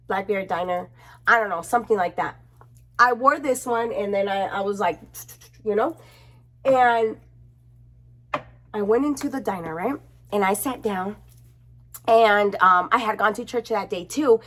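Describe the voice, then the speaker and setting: A young woman chatting casually to her camera at home, expressive and chatty, swearing freely. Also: medium pitch, measured pace. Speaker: beauty vlogger.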